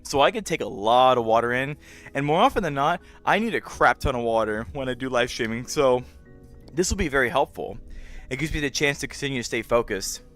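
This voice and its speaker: A young man hosting a casual live stream, talking warmly to his viewers and greeting each by name. His pitch jumps around a lot, up into playful squeaks. Faint music plays behind him. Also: expressive, fairly quick. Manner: friendly, greets chat by name, playful meowing in a high squeak.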